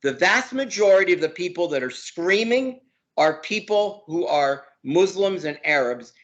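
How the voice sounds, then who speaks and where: A man's voice: sits high, lively intonation, moderate pace, a bit bright, highs cut off. A man, a law professor as interview guest, talking heatedly and hammering points by repeating words. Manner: emphatic, repeats words for force. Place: lives in Brooklyn.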